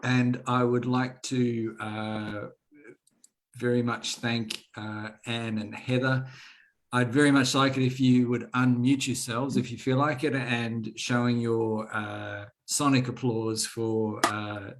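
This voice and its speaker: Male host winding up an online reading, relaxed and hesitant. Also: medium pitch, slow pace, a little hiss or hum, rough recording. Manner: informal, hesitant, many fillers. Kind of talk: casual hosting.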